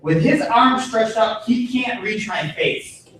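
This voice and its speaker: A man's voice: extremely high pitch, slow pace, a bit bright, a little hiss or hum. A man teaching a martial arts self-defense class to kids, giving firm, repetitive instructions. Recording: echoey gym from far off.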